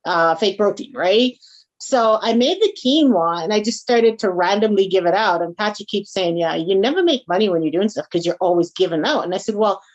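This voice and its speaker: A woman from a Caribbean background tells her story in a casual interview. She keeps checking in with "right?" and "you got it" as she goes. The recording is slightly dull and lo-fi. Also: medium pitch. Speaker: guest, small food business owner.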